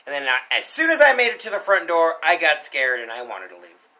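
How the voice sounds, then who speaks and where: A young man co-hosting a podcast, telling a story in a casual, animated way, acting out shouts and quotes. He coughs now and then. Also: on the high side, fairly quick, low-quality recording. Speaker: podcast co-host.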